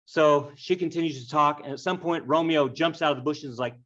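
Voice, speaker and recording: A man's voice: fairly high pitch, brisk. A man teaching a class by retelling a story with jokes, speaking directly to the students. The recording sounds dull and lo-fi. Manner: joking, lively, addresses class directly. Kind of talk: humorous storytelling lesson.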